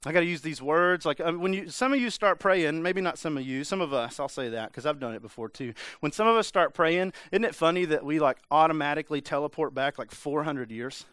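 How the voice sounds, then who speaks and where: A man's voice: on the high side, brisk, hardly any pauses, fairly bright tone, clean tone, no echo. A man preaching a casual, conversational sermon, full of "like" and playful mimicry of voices. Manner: conversational, lots of filler "like", mimics voices for humor. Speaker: pastor.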